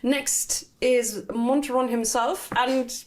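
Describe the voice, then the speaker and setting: Lively woman running a tabletop game. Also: fairly high pitch, takes it slowly, crowd noise. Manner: lively, laughing often. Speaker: game master.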